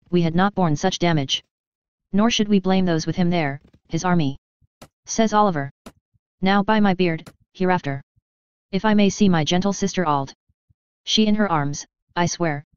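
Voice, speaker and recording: A woman reading an epic poem aloud in a measured, steady recitation. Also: fairly low pitch, clean tone, dry recording, muffled recording. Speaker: reader.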